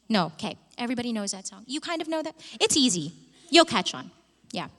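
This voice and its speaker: A woman leading a live vocal workshop as a coach, chatty and expressive with the audience in a conference hall. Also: fairly high pitch, fast talker. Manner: expressive and chatty, addresses the room. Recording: long hall reverb.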